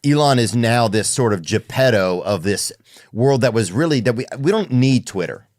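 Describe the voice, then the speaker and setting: A man's voice: mid-range voice, expressive, moderate pace, a little mellow, no echo, clean studio sound. A man hosting a podcast, talking in a loose, rambling, slangy way. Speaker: podcast host. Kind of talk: casual podcast chat.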